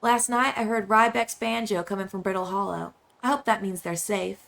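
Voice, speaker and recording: Woman reading a friendly alien villager, put-on Southern lilt, bright tone, some vocal fry. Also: medium pitch, fairly even intonation, normal speed, pitched above the performer's own voice. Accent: put-on American Southern. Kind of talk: reading game dialogue aloud.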